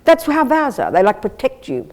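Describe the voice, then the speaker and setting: A woman teaching as a Buddhist nun, giving a blunt, lively, conversational dharma talk and answering questions from her listeners. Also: high-pitched, normal speed. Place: Buddhist centre teaching room.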